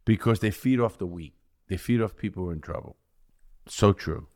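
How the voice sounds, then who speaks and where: Speaking in a low, slightly mellow voice at a fairly quick clip, an American ex-con being interviewed tells prison tales. He is crude and direct, restarting as he rambles through his casual storytelling.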